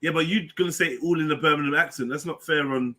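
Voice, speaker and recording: A man's voice: fairly high pitch, quick pace, bright, forceful tone. A man hosting a casual live panel stream, bantering and teasing his guests. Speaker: stream host.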